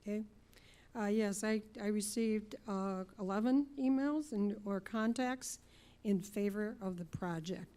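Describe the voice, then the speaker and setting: A woman mayor runs the council meeting, moving through the agenda in a brisk, informal way. Her voice is mellow and warm, at an average pitch. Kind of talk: chairing a public meeting. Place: city council chamber.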